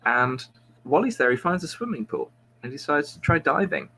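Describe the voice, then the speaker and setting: A man's voice: fairly high pitch, sing-song, brisk, creaky, bright, forceful tone, slightly rough. A man, a podcast host, telling a long joke in a rambling, self-mocking way with many restarts.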